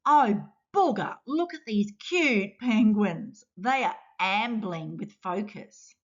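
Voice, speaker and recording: A woman's voice: medium pitch, takes it slowly. A woman voicing a curious snot creature. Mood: wondering. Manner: excited, wondering storybook voice. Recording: dull lo-fi sound.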